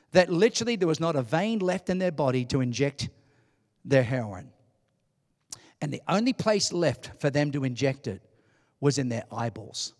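A man preaching a sermon, telling a personal story with emphatic delivery that swings from hushed to shouting. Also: a little high. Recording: hall reverb.

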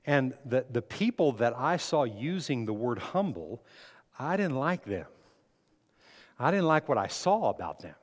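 A man's voice: medium pitch, very animated, a little slow. A man preaching a sermon, asking the congregation questions and building emphasis as he speaks. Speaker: pastor. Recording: long hall reverb.

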